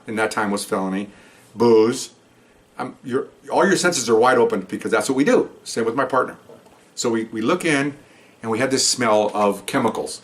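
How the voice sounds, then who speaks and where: Fast-talking older ex-cop telling stories. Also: male voice, lowish voice, fairly bright tone. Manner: conversational, rambling, with many asides. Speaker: retired police officer. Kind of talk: storytelling monologue.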